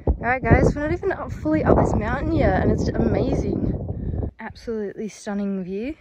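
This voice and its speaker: A woman's voice: on the high side, normal speed, heavy background noise. A young woman filming a casual hiking vlog on a mountain trail, chatty and sweary, talking into a handheld camera. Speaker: vlogger.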